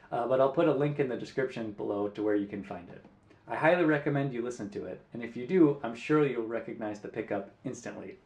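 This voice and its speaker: A man teaching guitar rhythm, counting beats aloud in a clear, patient way. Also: medium pitch, a little mellow. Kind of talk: music lesson. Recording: roomy echo.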